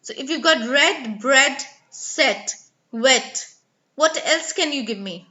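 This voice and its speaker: A woman's voice: high voice, lively intonation, slow pace, pushed and bright, muffled recording. A woman teaching English pronunciation in a live online class, carefully enunciating sample words and coaxing students by name. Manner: clearly enunciating model words.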